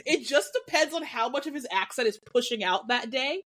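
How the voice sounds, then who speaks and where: A woman's voice: high-pitched, expressive, normal speed, fairly bright tone. A woman co-hosting a podcast in casual chat, chatty and joking, speeding up as she explains. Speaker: podcast co-host.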